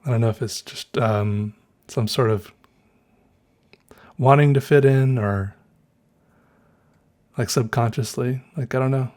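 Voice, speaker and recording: Man, Southern American accent, solo podcast host, casual musing monologue, chuckles, self-corrections, average pitch. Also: steady tone, a little slow, long pauses, a little mellow.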